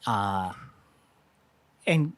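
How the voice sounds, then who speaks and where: A man with a fairly low, animated voice speaks extremely slowly in a dry recording. He co-hosts a podcast in casual chat, rambling through a long story and acting out quotes by raising his voice.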